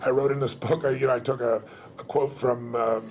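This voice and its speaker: A middle-aged man being interviewed, talking in an emphatic, fast way and often restarting his sentences. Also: mid-range voice, flat delivery, a little hiss or hum. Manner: emphatic, fast, repeats words at starts. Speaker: guest, motivational speaker. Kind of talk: casual interview talk.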